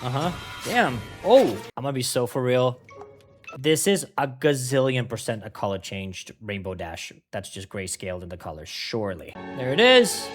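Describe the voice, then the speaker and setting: A man's voice: medium pitch, animated, moderate pace, soft background music. Chatty young man. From Denmark. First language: Danish. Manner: chatty, joking, swears often, laughs a lot. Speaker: reaction video host. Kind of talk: casual reaction commentary.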